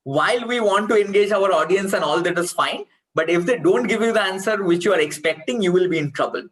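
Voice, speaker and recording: A man's voice: high-pitched, brisk, fairly bright tone, low-quality recording. A man with an Indian accent giving an online workshop on speechwriting, stressing points by repeating key phrases. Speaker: speech trainer.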